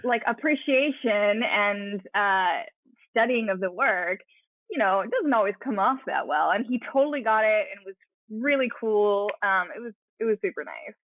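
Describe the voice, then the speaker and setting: A woman's voice: medium pitch, moderate pace, no echo, narrow, tinny audio. A woman who illustrates comics, telling anecdotes in a chatty, laughing way in an interview. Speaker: comic book illustrator guest. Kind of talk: casual interview chat.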